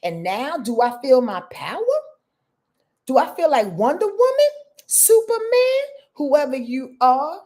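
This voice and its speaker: A woman hosting a casual live-stream astrology reading, expressive and chatty, speaking straight to her viewers. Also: high-pitched, measured pace. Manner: expressive, talks straight to viewers, greets chat by name.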